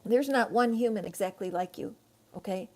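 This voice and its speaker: A woman's voice: mid-range voice, moderate pace, dark tone. A middle-aged woman giving a live tarot reading, chatty and rambling, talking straight to her viewers. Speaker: tarot reader.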